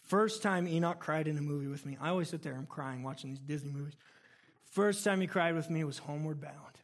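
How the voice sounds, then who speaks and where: A man in his thirties preaches to his congregation with a noticeably high voice. He talks casually and tells stories with animation, easing his points in with humor rather than thundering. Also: brisk. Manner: conversational, animated storytelling with laughs. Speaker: pastor. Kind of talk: sermon.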